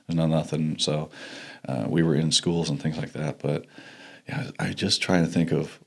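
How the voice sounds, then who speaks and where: A man speaks as a podcast guest, looking back in a relaxed, reflective way. His voice is extremely deep and gravelly, with plenty of fry. He talks in loose, easygoing sentences. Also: moderate pace. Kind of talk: casual chat.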